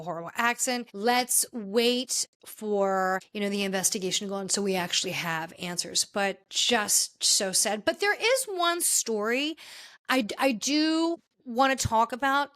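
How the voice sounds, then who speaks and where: Woman podcast host, choked-up and halting, slightly high voice. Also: a bit bright. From Washington, D.C. area. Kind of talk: casual podcast commentary.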